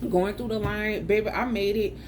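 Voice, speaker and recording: A woman's voice: mid-range voice, normal speed, a little hiss or hum. A woman, telling a travel story in a chatty, slangy vlog style. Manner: chatty and slangy, with animated retold dialogue. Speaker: vlogger.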